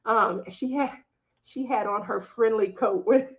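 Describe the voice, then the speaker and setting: Chatty woman host, bright voice, slightly muffled sound. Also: a little slow. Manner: chatty, laughs often, acts out family quotes in higher voices. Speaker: craft channel host. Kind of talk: casual live-stream chat.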